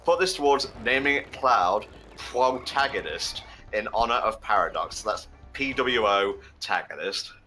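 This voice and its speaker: A man's voice: lowish voice, expressive, a little slow, bright, forceful tone, soft background music. A man on a charity game stream, reading out donations and chatting casually, swearing now and then. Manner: swears freely, reads out donations, laughs often. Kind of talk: casual live-stream chat.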